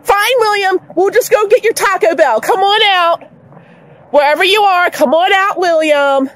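A woman's voice: extremely high pitch, normal speed, fairly bright tone. A woman playing an exasperated mother in a comedy family skit, calling after her son outdoors.

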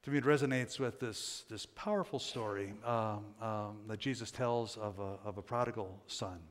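A man's voice: fairly low pitch, normal speed. An older man preaching a sermon as pastor, in a folksy, conversational storytelling manner with many fillers. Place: church sanctuary. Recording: church sanctuary with long reverb.

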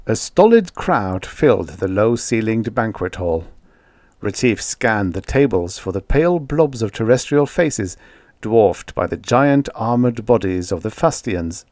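A man narrating a science fiction audiobook in an expressive storytelling manner. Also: fairly low pitch, a little slow, dry recording, studio quality. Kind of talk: scripted narration.

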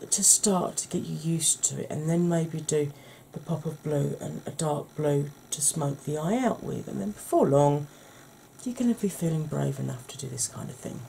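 A woman with a husky, croaky voice hosts a soft-spoken ASMR makeup tutorial, chatting gently to her viewers. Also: low-pitched, moderate pace, a little hiss or hum. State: husky, croaky voice from a sore throat.

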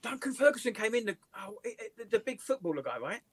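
English male comedian, high voice, animated storyteller, dry recording. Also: fast, slightly rough, dry recording. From England. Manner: lively, laughs through his stories. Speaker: comedian and writer, guest. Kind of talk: casual anecdotal storytelling. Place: office.

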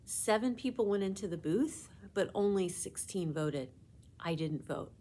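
A woman's voice: medium pitch, expressive, a little slow, warm tone. A woman voicing an earnest, sheepish young schoolboy in a storybook read-aloud, speaking in a raised, apologetic tone. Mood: explaining.

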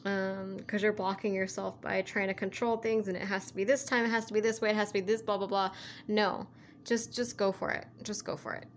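A woman's voice: medium pitch, level tone, a little fast, slight background noise. A woman giving a casual tarot reading who rambles, repeats herself and keeps saying "like" and "you know", in an earnest, coaxing way. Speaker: tarot reader.

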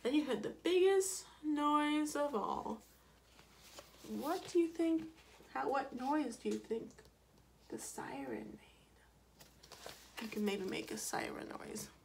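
Woman, storybook read-aloud for kids, playful, makes sound effects, quite lively pitch, slow pace. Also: slight background noise. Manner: playful, asks children questions and acts out sound effects; asides and small corrections while reading. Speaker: children's story reader. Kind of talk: reading a picture book aloud to children.

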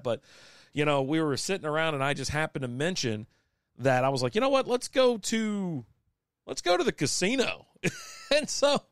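A man's voice: mid-range voice, clear, resonant tone, no room sound, studio quality. A man, chatting casually and rambling with many restarts as a podcast host. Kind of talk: casual live-stream chat. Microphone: desk microphone.

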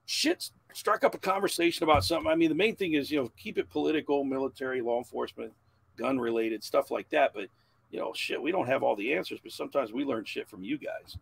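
Gravel-voiced man telling stories loudly. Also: medium pitch, fast talker. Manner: loud, animated and swearing. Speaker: guest. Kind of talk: casual profane storytelling.

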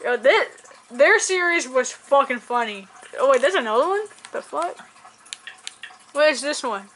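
A woman's voice: high voice, lively intonation, unhurried, a bit bright, slight background noise. A young woman in casual reaction commentary, rambling and swearing as she films on a handheld camera. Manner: rambling, profane, laughs a lot. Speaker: reaction video host.

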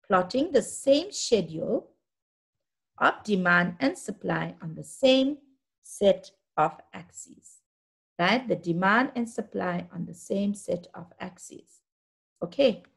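A woman's voice: medium pitch, gravelly, breathy edge. A woman teaching a school lesson, patiently walking learners through graphs and checking that they follow. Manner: patient, checks understanding often. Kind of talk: classroom lesson explaining graphs.

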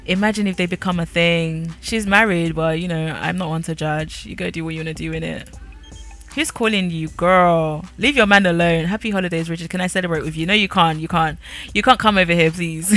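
A woman's voice: fairly low pitch, normal speed, a bit bright. A woman giving casual, sassy commentary while playing a life-sim game, chatty and nosy. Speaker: gaming creator.

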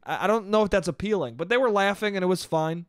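A man's voice: high voice, expressive, fast talker, clear, resonant tone, no room sound, studio quality. A man hosting a solo podcast, telling a story in a rambling, profane way and laughing at his own jokes. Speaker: podcast host. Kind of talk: casual storytelling monologue.

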